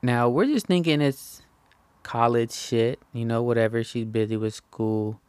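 A young man telling a rambling, slangy story, often tagging "right?" and jumping high in pitch when he quotes himself. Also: a little slow, a little mellow, clean tone, no room sound. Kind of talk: casual anecdote.

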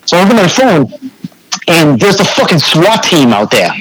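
A man's voice: a little high, sing-song, normal speed, fairly bright tone, poor audio. A young man with a New England accent, a graffiti artist telling a story as a podcast guest in a laid-back, swearing, filler-heavy way. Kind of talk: casual storytelling chat.

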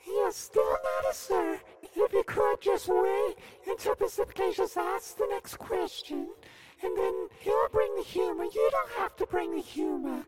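A man voicing an anxious radio station producer with a Pittsburgh accent, talking slowly and pleading. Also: very high-pitched, loud music behind the voice. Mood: fussy. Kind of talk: improvised comedy podcast.

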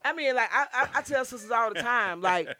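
A middle-aged woman, a guest poet, telling stories in casual podcast chat, animated, blunt and freely profane. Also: on the high side, fairly quick, no room sound.

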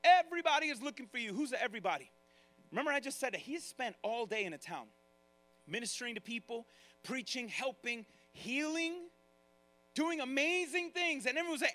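A male pastor preaching with a strikingly high voice. His tone is bright and forceful. He talks straight to his listeners and briefly acts out other people's voices to make his points. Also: expressive, fairly quick. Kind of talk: sermon.

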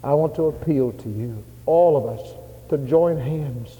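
A man preaching a sermon in a church, in an old-fashioned revival cadence, rising to loud fervent cries and dropping to soft pleas. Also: fairly high pitch, unhurried, long reverb tail, phone-quality sound. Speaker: pastor. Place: church sanctuary.

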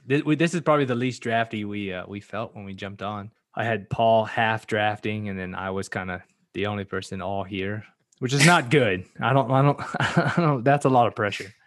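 A man's voice: on the low side, moderate pace, a bit bright, no echo, clean studio sound. Joking man hosting a podcast. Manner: joking, rambling, frequent fillers. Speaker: podcast host. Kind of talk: casual podcast chat.

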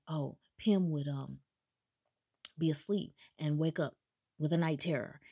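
A woman with a low voice gives a casual, chatty recap of a book. She drops sarcastic asides and briefly acts out what the characters say. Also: a little mellow. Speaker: book reviewer.

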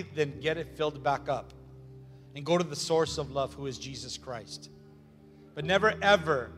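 A man's voice: a little high, a bit bright. A man preaching a sermon as pastor, emphatic and repetitive, with joking asides. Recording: long hall reverb with faint music.

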